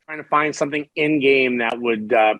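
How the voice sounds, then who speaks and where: A middle-aged man, a guest on a podcast, telling stories in a candid, animated, profane way and often restarting his sentences. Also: mid-range voice, normal speed, no room sound, low-quality recording. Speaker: podcast guest, former hockey player. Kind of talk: casual storytelling interview.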